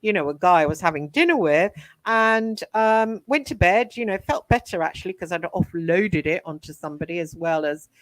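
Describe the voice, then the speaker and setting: A woman's voice: on the low side, animated, normal speed, no room sound. Hesitant woman telling her story. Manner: hesitant, many ums and restarts, frank. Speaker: interview guest, psychic medium and author. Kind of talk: recounting her life story in a casual interview.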